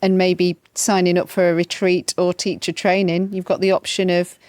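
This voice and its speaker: A woman's voice: lowish voice, flat delivery, moderate pace. A woman podcast host, interviewing a guest and then reading a heartfelt outro. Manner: warm, heartfelt, gushing.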